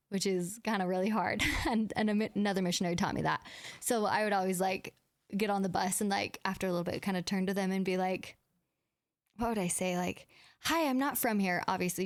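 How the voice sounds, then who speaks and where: In a studio recording free of echo, a young female podcast host with a medium-pitched voice chats her way through stories, sprinkling in plenty of "like" and voicing quoted lines of dialogue.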